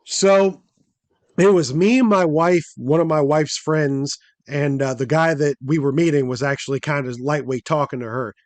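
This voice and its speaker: Podcast host, male, high voice, animated and profane storyteller who acts out the people he quotes. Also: moderate pace, no echo. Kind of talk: casual storytelling chat.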